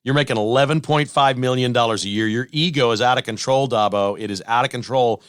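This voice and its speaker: A man's voice: mid-range voice, quick pace, fairly bright tone, clean tone, no room sound, studio quality. A male sports talk host giving blunt, sarcastic opinions on the news of the week.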